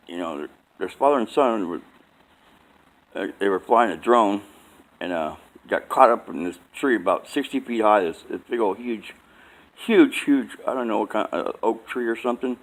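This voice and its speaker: Casting: adult man, lowish voice, casual home vlog, rambling and repetitive storyteller, fillers galore. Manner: rambling, repeats himself, says "man" often. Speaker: vlogger telling a story. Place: at home at bedtime.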